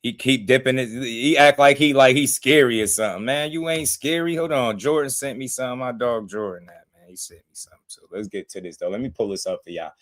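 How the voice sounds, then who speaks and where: Excitable guy, hyping up a boxing fight live, loud then mumbly, laughing a lot. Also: medium pitch, fast, few pauses. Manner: animated, laughing, swings from shouting to muttering. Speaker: boxing podcast host. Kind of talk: excited livestream boxing talk.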